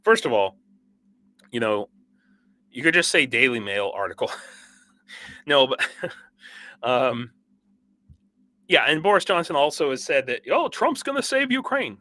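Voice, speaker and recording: Sleep-deprived and over-caffeinated, a young man hosts a livestream, reading viewer comments in a bright, forward, mid-range voice that is expressive and unhurried. His rambling speech halts with long pauses, restarts, and fillers, broken by short laughs.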